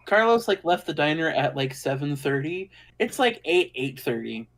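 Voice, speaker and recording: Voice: mid-range voice, sing-song, moderate pace. A player in a tabletop game, speaking casually and sometimes in character.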